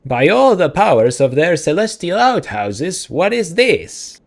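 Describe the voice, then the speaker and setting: A man's voice: on the high side, very animated, measured pace, gravelly, voice pushed up, full character voice. A man voicing a small, pompous male shopkeeper with a comic put-on accent, in a video game read-aloud. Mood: bewildered. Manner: pompous, indignant.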